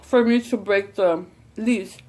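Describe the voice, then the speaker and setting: A woman's voice: mid-range voice, slow, darkish tone. A woman vlogger telling a long personal story in a casual, rambling way, leaning on "like" and swearing freely. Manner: rambling, heavy use of "like" and swearing. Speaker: mukbang vlogger.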